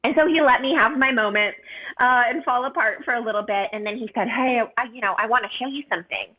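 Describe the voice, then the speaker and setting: A woman's voice: fairly high pitch, quick pace. Earnest woman storyteller on a tinny line. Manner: earnest, heartfelt, many "like" fillers. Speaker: podcast guest. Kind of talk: personal storytelling.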